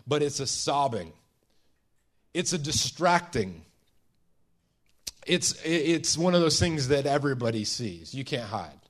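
Man preaching a dramatic story. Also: medium pitch. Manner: storytelling, dramatizing a scene with voiced quotes; pauses and restarts, shifts between hushed and emphatic. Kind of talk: sermon.

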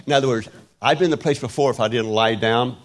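A man in his sixties preaching an informal sermon, rambling and halting with many restarts and wry self-deprecating humor. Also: medium pitch. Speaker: pastor.

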